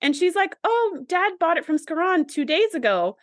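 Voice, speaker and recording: A woman's voice: very high voice, very animated, normal speed, no echo, studio quality. A woman co-hosting a podcast, casually retelling scenes and quoting the characters. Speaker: podcast co-host. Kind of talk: casual recap chat.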